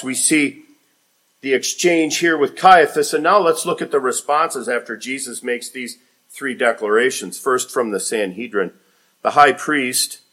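A man preaching a sermon, growing emphatic and louder when he quotes scripture. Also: medium pitch. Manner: emphatic preaching, rising loud on quoted lines. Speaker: pastor.

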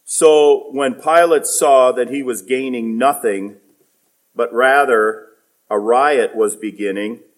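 A male preacher delivers a sermon at a slow, deliberate pace. His voice sits at an ordinary pitch and swings between loud, emphatic peaks and quiet, low stretches as he reads and explains scripture.

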